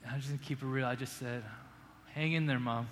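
A man preaching a sermon as pastor, earnest, rising to emphatic peaks and dropping to hushed appeals. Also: mid-range voice, steady tone, fast, a little hiss or hum. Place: church sanctuary. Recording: long hall reverb, faint room ambience.

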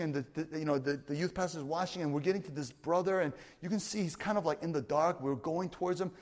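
Pastor preaching in an echoing hall. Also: male voice, a little high. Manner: storytelling, animated, with many fillers and restarts. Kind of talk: sermon. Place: church retreat hall.

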